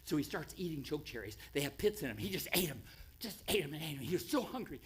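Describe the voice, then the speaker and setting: An American man preaches in a church, spinning a dramatic story for his congregation. His fairly high voice swoops through a lively range, rising to near-shouted pleas, then dropping to hushed, low lines. He repeats phrases for effect as he builds the tale. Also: quick pace, breathy edge. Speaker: pastor. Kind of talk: sermon storytelling. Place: church sanctuary.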